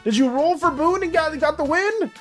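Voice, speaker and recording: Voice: high-pitched, normal speed, a bit bright. A streamer chatting casually with viewers while drawing, reading chat aloud and rambling with many restarts and fillers. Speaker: streamer and artist. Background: faint background music.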